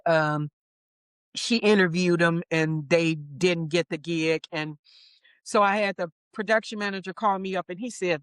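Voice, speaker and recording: A middle-aged woman guest in an interview, telling stories about her career with a lively manner. She laughs easily and acts out what others said. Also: lowish voice, no echo. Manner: lively anecdotes, acts out quoted voices. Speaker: interview guest, wardrobe supervisor. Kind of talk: casual storytelling interview.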